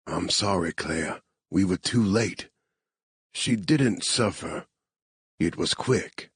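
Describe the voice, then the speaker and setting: A man's voice: sits low, slightly rough, exaggerated voice. Man voicing a soothing Cajun man. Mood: somber. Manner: slow, soothing, murmuring. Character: gentle, protective man with a Cajun lilt.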